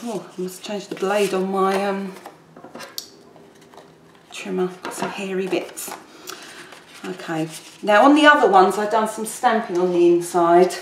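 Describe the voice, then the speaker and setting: A woman's voice: mid-range voice, unhurried, long pauses. A woman talks through a papercraft tutorial in an easy, rambling way, chatting as she works. Her voice sits in a middle register. The room is echoey, with faint background noise. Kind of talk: casual crafting tutorial.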